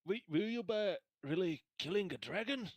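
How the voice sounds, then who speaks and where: A man's voice: high voice, expressive, normal speed, pitched above the performer's own voice. A man voicing a talkative soldier escort who keeps asking questions. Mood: curious. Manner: wondering, questioning tone.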